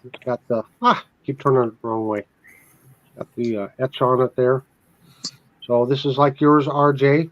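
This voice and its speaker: A man's voice: medium pitch, steady tone, moderate pace, pauses often. Joking man with dull lo-fi sound. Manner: joking, laid-back. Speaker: guest. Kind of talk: casual livestream chat.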